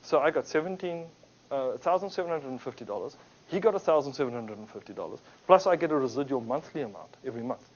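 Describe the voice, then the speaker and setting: In a dull lo-fi recording, a man with a medium-pitched voice gives an anecdotal business talk to a group at a quick pace, with a little hiss or hum in the background. He's an animated storyteller who acts out the people and quotes in his stories.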